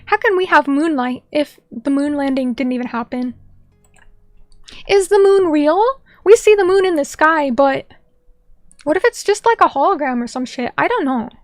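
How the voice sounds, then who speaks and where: A woman's voice: high voice, expressive, moderate pace, dry recording, clean studio sound. A young adult woman streamer chatting casually with viewers, playful and rambling, with mock-indignant asides. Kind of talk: casual chat reading viewer messages.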